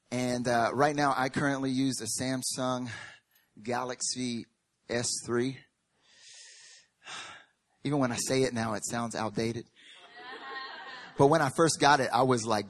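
A pastor preaching a sermon in an animated storytelling way, dropping to hushed lines and rising to loud ones. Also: male voice, mid-range voice. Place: church service.

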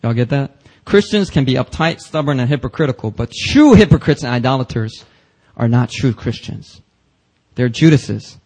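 A man's voice: medium pitch, lively intonation, normal speed, darkish tone, low-quality recording. A man preaching a church sermon, emphatic and casual, with slang and rising intensity on quoted passages. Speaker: pastor. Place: church service.

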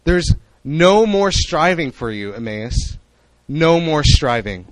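A young man preaching a sermon in an animated way, acting out the voices he quotes. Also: a little high, slow, no echo, poor audio.

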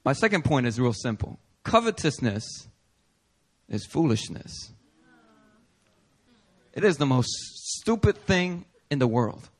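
A male pastor preaching a sermon in a playful, animated way with casual slang. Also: medium pitch, takes it slowly, pauses often.

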